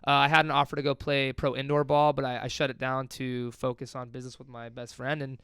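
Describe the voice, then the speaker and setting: A young man talks at a quick clip about his playing days, his voice bright and a little gravelly. He tells stories with excitement and plenty of swearing. The sound is close and dry. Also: medium pitch, no room sound. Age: young adult. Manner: excited, profane storytelling. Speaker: guest, former football player. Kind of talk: casual interview chat.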